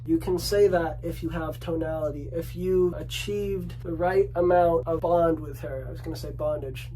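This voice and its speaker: A man's voice: fairly even intonation, normal speed, hardly any pauses, background noise. Man giving dating advice, emphatic. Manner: emphatic, repetitive declarations; drops to low soft voice when acting out lines to a date. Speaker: dating coach. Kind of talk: solo advice monologue.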